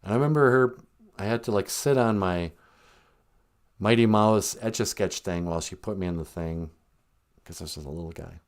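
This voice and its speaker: A man's voice: sits low, moderate pace, pauses often. A man hosting a casual live-stream podcast, telling jokey stories and laughing often. He is outdoors on a back porch. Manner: joking storyteller, laughs often. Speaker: podcast host.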